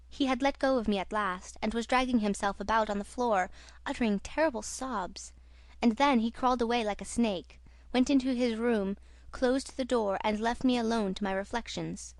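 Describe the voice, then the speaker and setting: Woman, audiobook narrator, theatrical horror reading, higher voice, dry booth sound. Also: normal speed, vocal fry, no echo. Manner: expressive, theatrical.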